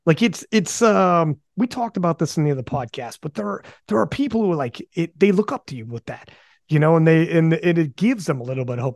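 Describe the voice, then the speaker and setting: A man hosting a podcast in casual chat, animated and swearing often, restarting his sentences. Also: fairly high pitch, brisk, vocal fry, dry recording, clean studio sound. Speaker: podcast host.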